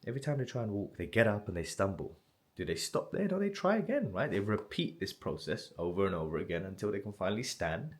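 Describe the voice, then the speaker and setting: A man giving a blunt, casual motivational talk straight to the viewer, swearing freely and often asking "right?". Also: fairly low pitch. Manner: blunt and swearing, direct address with frequent "right?". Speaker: motivational self-improvement creator.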